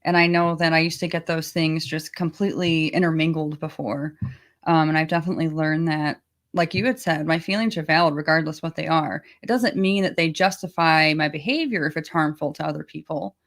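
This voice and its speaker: A woman's voice: low-pitched, fairly even intonation, a little fast. A woman co-hosting a livestream Q&A as a recovery coach, speaking openly and thoughtfully about her own experience. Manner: open, personal, thoughtful, soft-spoken. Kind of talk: casual livestream Q&A talk.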